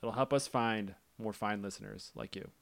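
A man's voice: on the low side, normal speed, gravelly, fairly bright tone. A man co-hosting a casual film podcast, tossing out dry wisecracks. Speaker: podcast co-host.

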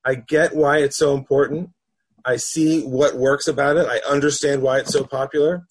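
Man, husky voice, frank measured talker, casual podcast chat. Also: medium pitch, steady tone. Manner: measured, frank, laughs easily. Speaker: panel guest.

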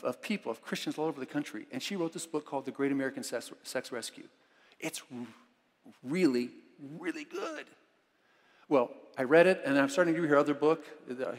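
Chatty preacher man in echoing church. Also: mid-range voice. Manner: chatty, enthusiastic, many restarts. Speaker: pastor. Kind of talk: conversational sermon. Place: church sanctuary. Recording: long reverb of a church hall.

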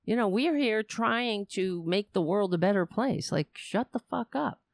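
A woman's voice: mid-range voice, lively intonation, unhurried, creaky, no room sound. A woman hosting a political livestream from a cheap home microphone, ranting bluntly and swearing as she talks to her chat. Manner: blunt, profane, exasperated. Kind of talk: casual ranting commentary to a live chat. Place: home setup. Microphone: cheap home microphone with headphones.

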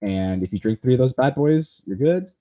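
A man's voice: mid-range voice, animated, normal speed, lo-fi sound. A man with a Californian accent hosting a podcast, joking and rambling casually. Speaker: podcast host.

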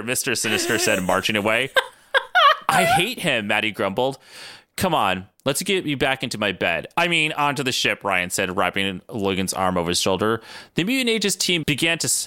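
A man co-hosting a podcast, reading a fan story aloud with very animated pitch swings and frequent laughs. His voice is bright and forward. The sound is dry and close, with no room around it. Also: no room sound. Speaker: podcast co-host.

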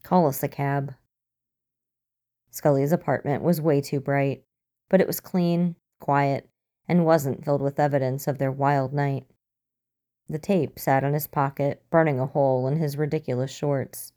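A woman narrating fan fiction in a steady, expressive audiobook reading. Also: very deep voice, moderate pace.

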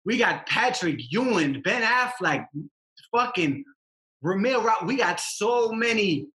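A man's voice: high-pitched, animated, slow pace, sharp tone, echoey room. A man, a rapper talking as a podcast guest, passionate and emphatic with street slang. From Massachusetts. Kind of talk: casual podcast interview.

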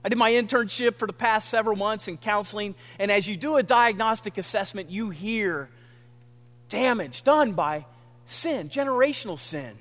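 A man preaching a sermon with earnest, dramatic pauses, sometimes dropping almost to a whisper. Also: sits high, a bit bright, in a large hall. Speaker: pastor.

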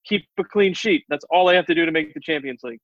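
A man's voice: a little high, fast, no echo. A man co-hosting a casual sports podcast who argues for his picks insistently and explains them at length. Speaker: podcast co-host. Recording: dry, muffled lo-fi sound.

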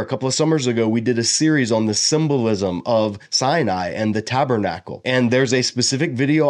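A man giving a casual verse-by-verse Bible lesson, slowly sounding out Hebrew words and explaining them in a relaxed, conversational way. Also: medium pitch. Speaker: Bible teacher.

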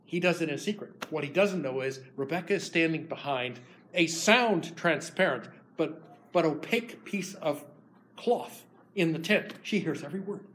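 A man preaching a sermon, retelling a Bible story in an animated, lively way. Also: a little high, moderate pace.

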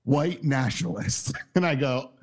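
A podcast co-host in his thirties tells a story in casual chat, unhurried, swearing freely and laughing. He acts out quotes with big jumps in pitch.

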